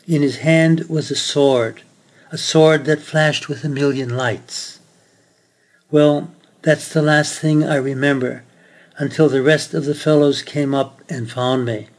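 A man's voice: fairly high pitch, steady tone, measured pace. A man preaching a sermon, telling a story earnestly and then reading scripture aloud.

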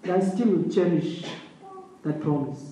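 A man from India with an Indian accent, telling an earnest, emotional faith testimony as a missionary brother, often laughing, then dropping soft and low. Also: expressive, measured pace, slight background noise.

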